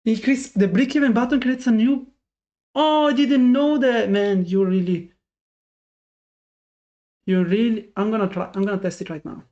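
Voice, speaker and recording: A man's voice: high-pitched, steady tone, normal speed, pauses often, darkish tone. A man streaming his live day trading and talking to his chat, frustrated and self-critical, thinking aloud with many restarts. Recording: dull lo-fi sound.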